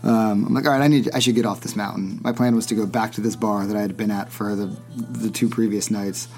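A man's voice: fairly low pitch, steady tone, fast, a little mellow, faint music behind. A man hosting a podcast, telling a long story in casual chat, rambling with many restarts and laughs. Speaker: podcast host.

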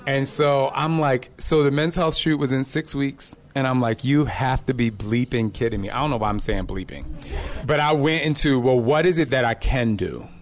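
At normal speed and medium pitch, a middle-aged fitness instructor chats casually. He brings plenty of energy, animating his stories by acting out quotes.

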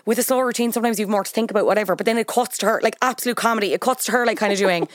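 A woman hosting a podcast, chatting in a quick, gossipy, animated way. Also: medium pitch, dry recording, clean studio sound. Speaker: podcast host. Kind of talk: casual chat.

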